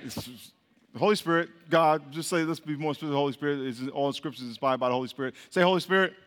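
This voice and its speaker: A fast-talking preacher with a slightly high, fairly bright, smooth voice leads call-and-response Bible teaching in a hall with long reverb. He repeats his questions, drills the congregation, and laughs frequently.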